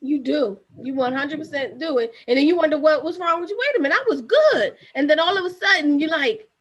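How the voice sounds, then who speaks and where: A woman's voice: high voice, a little fast, fairly bright tone, muffled recording. A woman co-hosting a casual talk show, chatting in an encouraging, conversational way. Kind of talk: casual chat.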